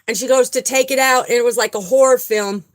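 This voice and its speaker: A woman's voice: fairly high pitch, steady tone, fairly quick, rough recording. A woman giving an earnest, emphatic spiritual talk and telling a personal story, often repeating herself for emphasis. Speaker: spiritual vlogger. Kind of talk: casual spiritual talk and testimony.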